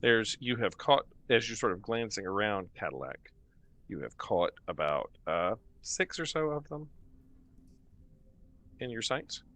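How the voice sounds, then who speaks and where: A man narrating as game master of a tabletop game, slow and hesitant with many fillers. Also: lowish voice, animated, fairly bright tone, dry recording.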